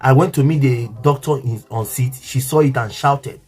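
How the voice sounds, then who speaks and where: A man's voice: mid-range voice, moderate pace, darkish tone, slightly rough, soft background music. A man with a Nigerian English accent telling an emotional story to his viewers, earnest and repetitive, often asking if they understand.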